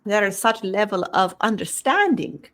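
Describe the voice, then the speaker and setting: A woman gives a channeled spiritual talk, speaking as a collective voice, halting and repeating words as she searches for them. She ends nearly every phrase with the same tag question, and her mid-range voice is a bit bright with big pitch swings.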